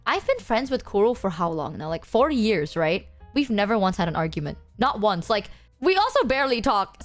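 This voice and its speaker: A woman streamer chatting casually with her chat, telling stories in an animated, foul-mouthed way full of fillers. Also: fairly high pitch. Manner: animated, swears freely, filler-heavy.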